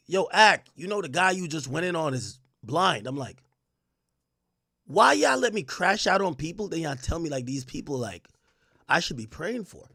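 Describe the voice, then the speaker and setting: A young adult man with a high voice, vocal fry, and a breathy edge hosts a casual livestream. He's animated and slangy, reading chat aloud and ranting. The recording is dry and studio quality.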